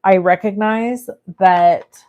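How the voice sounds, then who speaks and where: On her live crafting stream, a California woman makes cards while chatting casually, thinking aloud, and reading viewer comments. Her mid-range voice is warm and steady, and she speaks slowly; the recording carries a little hiss or hum.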